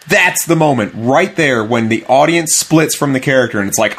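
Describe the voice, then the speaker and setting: A man's voice: medium pitch, lively intonation, moderate pace, hardly any pauses, a bit bright, slightly rough. A man co-hosting a podcast, explaining his view of a film with earnest emphasis in casual talk. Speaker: podcast co-host.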